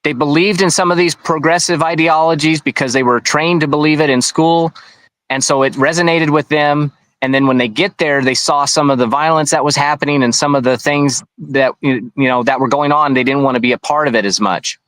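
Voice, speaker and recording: A man's voice: a little high, fairly even intonation, a little fast, a bit bright, no room sound, poor audio. A man being interviewed, recounting events in a rambling, conversational way with frequent restarts. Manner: rambling, with many restarts and asides. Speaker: interview guest.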